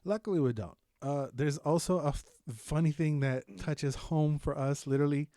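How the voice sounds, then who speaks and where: A young man co-hosting a podcast, chatting casually about shows with lots of swearing and animated storytelling. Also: a little high, normal speed, no room sound, clean studio sound. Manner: animated, profane, loud bursts of laughter-filled storytelling. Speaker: podcast co-host. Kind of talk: casual chat, reviewing shows.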